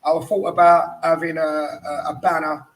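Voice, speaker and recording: A man's voice: on the high side, flat delivery, normal speed, rough recording. A tired man hosting a casual, banterous football chat podcast. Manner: chatty, banterous. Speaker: podcast host.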